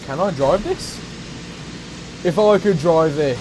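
Rowdy, foul-mouthed man with a lively voice. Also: on the high side, normal speed. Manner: crude, profane, excitable trash talk; shouts and whoops suddenly. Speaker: gaming YouTuber. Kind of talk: let's play commentary. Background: game music.

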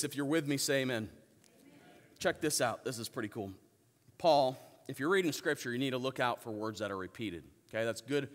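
A male pastor preaching a sermon, calling on the congregation to answer back and shifting between loud emphatic peaks and soft low asides. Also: long reverb tail. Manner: preaches with call-and-response to the congregation. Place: church sanctuary.

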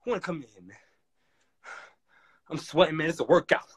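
A man talking to viewers on a live stream, loud and excitable, hyping up a dance battle. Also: fairly high pitch, a little fast, breathy edge, dry recording, clean studio sound. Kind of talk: casual live-stream chat. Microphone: phone mic on a live stream.

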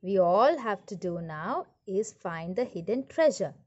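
A woman voicing a bossy female house cat in a storybook reading, giving brisk orders. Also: mid-range voice, big pitch swings, darkish tone, dull audio.

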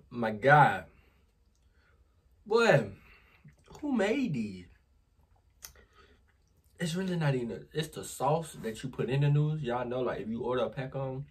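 A man chatting casually to his viewers in a vlog, recorded on a phone camera. His voice is husky and his pitch jumps up and down a lot as he exclaims and speaks straight to the audience. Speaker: vlogger.

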